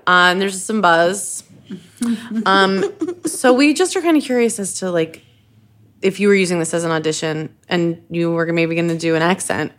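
A woman co-hosting a comedy podcast, teasing and quick to laugh in casual chat. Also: lowish voice, a bit bright. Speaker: podcast co-host.

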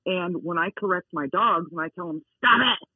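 A woman who is not soft-spoken, talking emphatically in a casual interview and repeating her key words. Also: lowish voice, fairly even intonation, fairly quick, no echo. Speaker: dog owner interviewed as a guest. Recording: tinny phone line.

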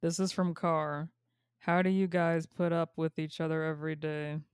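A woman's voice: sits low, flat delivery, moderate pace, clean tone, no echo. A woman co-hosting a casual podcast with her sisters, dry and unbothered as she reads listener mail.

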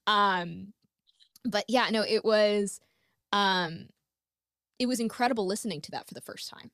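A woman hosting a podcast in casual conversation, animated and blunt, swearing freely as she talks. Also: medium pitch, measured pace, dry recording, clean studio sound. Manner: animated, swears freely, jumps between thoughts. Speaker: podcast host.

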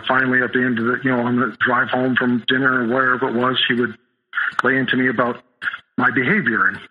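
A man as a podcast guest, telling a personal story in a halting way, with many restarts and fillers. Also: medium pitch, narrow, tinny audio.

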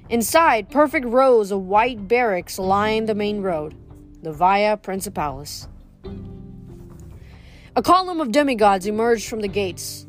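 A woman reading a novel aloud to listeners, careful and steady, with small restarts. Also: medium pitch.

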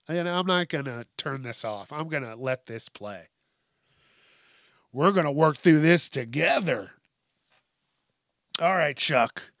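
A man rants through a comedic news podcast, swearing freely and breaking into laughter at himself. His voice sits a little high for a man. The recording is bone-dry and close. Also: lively intonation, a little slow, pauses often, a bit bright, no room sound. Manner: profane, exasperated ranting with bursts of laughter. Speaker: podcast host.

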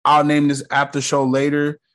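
A man's voice: fairly high pitch, monotone, normal speed, fairly bright tone. A man from the United States hosting a casual solo podcast, rambling in a laid-back, slangy way with lots of fillers. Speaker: podcast host.

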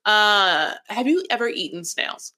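A woman's voice: medium pitch, expressive, unhurried, pushed and bright. A woman in her forties co-hosting a podcast, chatting loosely in a rambling way about a reality show and acting out quoted voices. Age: 40s. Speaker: podcast co-host. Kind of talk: casual chat recapping reality TV.

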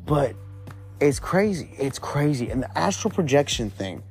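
A man's voice: medium pitch, sing-song, unhurried, a little mellow, faint music behind. A man hosting a podcast, telling a spooky personal story in a rambling, profane, conversational way. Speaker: podcast host.

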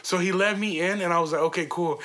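Young guy podcasting, bright voice kinda high, cursing and laughing thru his stories. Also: steady tone, fast. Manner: loose, profane, laughs through the story. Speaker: podcast host. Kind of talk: casual storytelling monologue.

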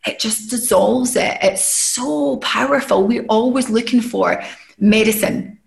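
A woman's voice: on the high side, a little slow, vocal fry, roomy sound. A woman hosting a podcast, talking in an earnest, encouraging coaching manner about emotions and letting go. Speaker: podcast host. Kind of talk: casual podcast conversation.

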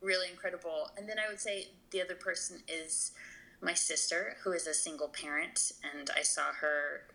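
Gravelly, bright-voiced woman guest. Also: fairly low pitch, fairly even intonation, normal speed, rough recording. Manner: earnest, emotional, many fillers and restarts. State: tearful. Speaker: podcast guest. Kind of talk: conversational interview.

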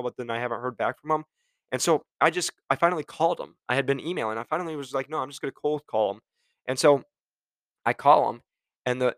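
Casual, energetic young man giving sales advice. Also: medium pitch, dry recording. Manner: energetic, conversational, acts out phone calls; admits he gets passionate and curses. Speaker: medical device sales rep sharing advice.

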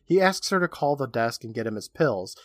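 A man's voice: medium pitch, lively intonation, brisk, fairly bright tone, dry recording, studio quality. A man co-hosting a podcast, recapping a horror episode in casual chat and laughing often. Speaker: podcast co-host.

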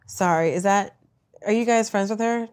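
A woman comedian answering rapid-fire interview questions with brash, crude, self-mocking punchlines. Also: medium pitch, darkish tone.

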